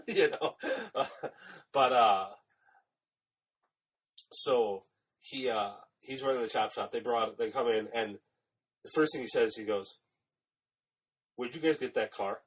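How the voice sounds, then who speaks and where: A man's voice: medium pitch, slow, pauses often, husky, far from the mic, poor audio. A man on a casual podcast retelling a film plot, swearing freely, laughing often and acting out the lines. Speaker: podcast co-host.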